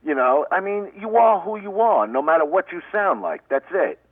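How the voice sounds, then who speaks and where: Middle-aged brooklyn guy rambling loud and crude over a tinny phone line, dry. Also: high voice, lively intonation, normal speed, no echo. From Brooklyn, New York. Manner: brash, rambling, profane. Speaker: guest comedian. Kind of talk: phone-in radio interview.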